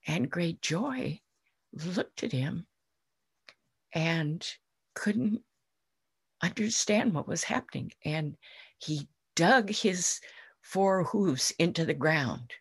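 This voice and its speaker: A woman Zen teacher telling a fable in a dharma talk, gentle and unhurried. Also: low-pitched, slightly rough, no echo, studio quality.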